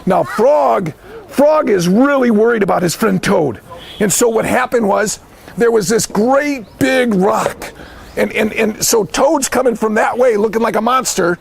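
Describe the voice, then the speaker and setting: A man, head of a school, telling a story to children with lively shouts and questions to his listeners. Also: high voice, a little slow, gravelly.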